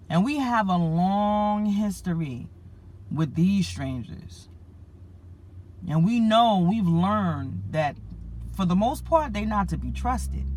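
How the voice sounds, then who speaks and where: A woman preacher earnestly retelling a dream to her listeners, repeating herself and calling them family. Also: on the low side. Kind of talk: spoken religious message.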